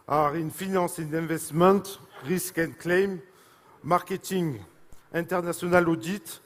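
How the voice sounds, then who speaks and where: A man with a French accent speaks from a stage at a live event, his voice fairly high for a man and trailing off into a long hall reverb. He is emotional and halting, leaning on fillers and apologizing as he goes. Each phrase rings out through the large room. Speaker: speaker presenting a product.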